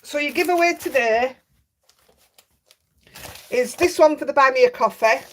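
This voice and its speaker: Slight background noise accompanies a woman with a Yorkshire accent as she hosts a casual craft livestream, reading viewer comments aloud and laughing easily. Her voice sits high, and her pace is moderate.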